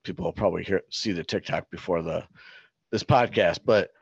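A man's voice: low voice, a little fast, gravelly, slightly rough, dry recording. A middle-aged man co-hosting a podcast, speaking in an earnest, reflective casual chat. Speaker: podcast co-host. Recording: slightly dull, lo-fi sound.

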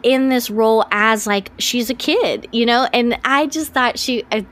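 A woman's voice: a little high, a little slow, a bit bright. Chatty woman, eager and rambling. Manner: enthusiastic, rambling with restarts and fillers. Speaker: podcast co-host. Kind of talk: casual chat.

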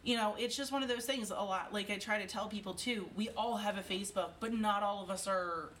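A young woman, a conference organizer and mother, chatting casually with animated storytelling and a lot of laughter. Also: medium pitch, a little fast, recorded from a distance, a little hiss or hum. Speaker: event organizer. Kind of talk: casual chat.

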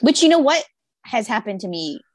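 A woman co-hosting a book podcast, talking with quick enthusiasm in casual chat. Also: fairly high pitch, very animated, no echo. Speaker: podcast co-host.

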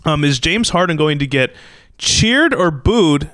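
A young man from the New York area hosting a casual sports podcast, animated and blunt, acting out little quoted exchanges. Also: a little high, unhurried, no room sound. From New York metropolitan area. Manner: animated, talks in restarts and acted-out quotes, blunt opinions. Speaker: podcast host.

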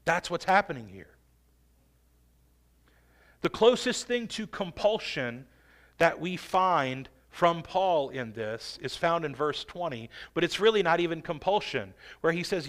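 A man preaching a sermon with emphatic delivery, stretching and swelling key phrases and dropping to a hush. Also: a little high, expressive, measured pace. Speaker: pastor.

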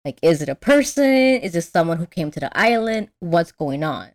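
A woman's voice: lowish voice, very animated, moderate pace. A young woman podcast host casually recapping a cartoon film, telling it with animation, acting out quotes and swearing freely. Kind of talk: casual movie recap chat.

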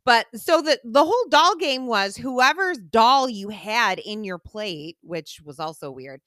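A woman podcast co-host jumps in with quick agreements and expressive asides. Her pitch swings widely and her voice is bright. The recording is close and dry. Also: dry recording. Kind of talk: casual chat recapping reality TV.

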